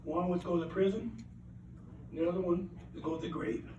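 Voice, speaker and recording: A man's voice: sits high, fairly even intonation, normal speed, muffled recording, noisy background. An older man from Alabama, giving a heartfelt, rambling acceptance speech full of anecdotes and repeated phrases. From Alabama, USA. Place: banquet hall at an awards event. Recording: roomy hall, mic at a distance.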